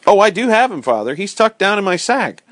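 A man voicing an excitable young adult son in a storybook reading, raising his voice with eager news. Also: high-pitched, a little fast, dry recording, clean studio sound, pitched above the performer's own voice.

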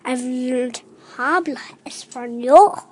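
A woman's voice: high voice, takes it slowly, darkish tone. A woman chatting casually, giving short, drifting answers. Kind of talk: casual chat.

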